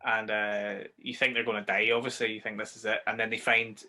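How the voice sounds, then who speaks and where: A Northern Irish man with a bright, tense voice co-hosts a relaxed film chat. He swears freely and eagerly retells scenes. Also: on the low side, fairly quick. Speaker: podcast co-host.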